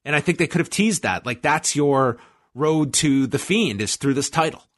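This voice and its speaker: A man's voice: a little high, animated, moderate pace, a bit bright. A man co-hosting a podcast, casually recapping a show in a rambling, stop-start way with lots of fillers. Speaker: podcast co-host. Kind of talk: casual wrestling recap chat.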